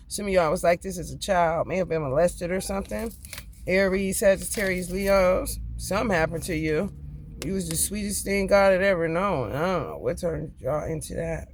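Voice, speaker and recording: A man's voice: sits high, a little hiss or hum. A man giving a casual tarot reading, profane, chatty and laughing often. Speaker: tarot reader.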